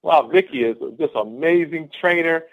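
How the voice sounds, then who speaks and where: A man's voice: on the high side, moderate pace. A man giving an exuberant, repetitive motivational pep talk on a conference call. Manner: exuberant, repetitive, laughs often. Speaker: guest speaker on a team conference call. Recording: phone-line conference call.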